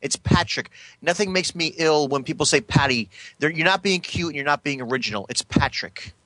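A man in a casual comedic chat who talks in a fussy, deadpan way. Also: a little high, brisk, no room sound.

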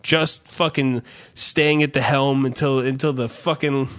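A man's voice: medium pitch, unhurried. A man hosting a podcast, telling a rambling, profane comic story in casual chat. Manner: profane, rambling, animated rants. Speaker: podcast host.

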